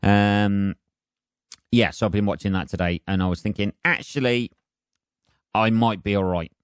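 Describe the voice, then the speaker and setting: Guy doing a solo podcast rant, swears loads, low smooth voice, pokes fun at himself. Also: steady tone, normal speed, no room sound, clean studio sound. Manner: sweary, rambling, self-mocking. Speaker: podcast host. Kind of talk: solo rambling podcast monologue.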